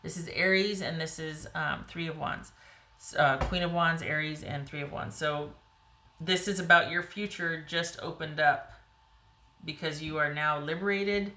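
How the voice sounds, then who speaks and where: A woman giving a casual, rambling tarot reading to viewers, her voice getting a little hoarse. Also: deep voice, steady tone, moderate pace, bright, forceful tone, echoey room. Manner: chatty, rambling, frequent "you know" and "like". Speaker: tarot reader.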